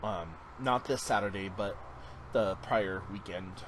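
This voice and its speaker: A man's voice: lowish voice, slow pace, fairly bright tone, a little hiss or hum. Earnest man rambling on his podcast. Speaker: podcast host. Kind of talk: casual monologue.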